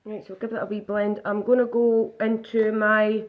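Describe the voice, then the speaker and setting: A woman talks her viewers through her makeup live, narrating each step as she goes. Her voice sits at an ordinary pitch. The stream audio is dull and lo-fi. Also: level tone, moderate pace. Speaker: makeup demonstrator. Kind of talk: casual live makeup demo.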